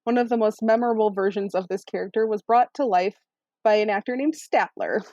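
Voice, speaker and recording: A woman hosting a trivia podcast, reading out questions in a brisk, upbeat quizmaster manner. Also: medium pitch, dark tone, no echo, highs cut off. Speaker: quiz host.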